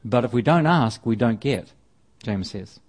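A man with a medium-pitched, darkish voice preaches a sermon, animated yet a little slow. He reads and explains scripture conversationally, often restarting and repeating phrases.

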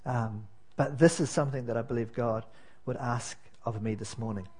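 Husky man preaching a casual sermon. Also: mid-range voice, moderate pace, darkish tone. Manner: conversational, self-deprecating, many fillers and restarts. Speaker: pastor. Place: church.

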